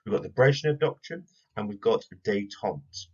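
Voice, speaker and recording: A man teaching a recorded history lesson to pupils, explaining clearly and speaking to them directly. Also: fairly low pitch, expressive, moderate pace, darkish tone, muffled recording.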